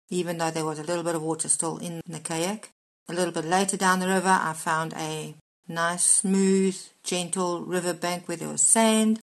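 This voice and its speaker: A woman preacher delivers a daily devotional Bible teaching. Her voice sits a little low, and she talks in a steady, explanatory way, spelling out words letter by letter when she needs to. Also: rough recording.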